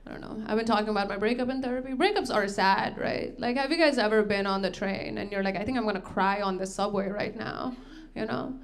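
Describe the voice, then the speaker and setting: A woman's voice: mid-range voice, fast, few pauses, a little hiss or hum. A young woman from Texas doing a stand-up set in a comedy club, dry and self-deprecating, laughing into her own lines. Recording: live club audio with loud crowd laughter.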